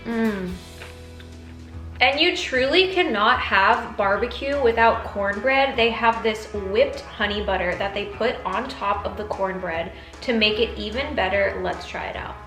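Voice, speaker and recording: A young adult woman hosting a food review vlog, talking with enthusiasm and pausing to taste. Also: medium pitch, roomy sound, music in the background. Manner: enthusiastic, tasting food between lines. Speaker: food vlogger.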